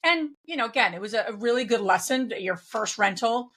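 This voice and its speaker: A woman's voice: a little high, animated, brisk, fairly bright tone, breathy edge. A woman guest in a conversational interview, speaking reflectively with frequent restarts and fillers. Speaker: guest, real estate investor.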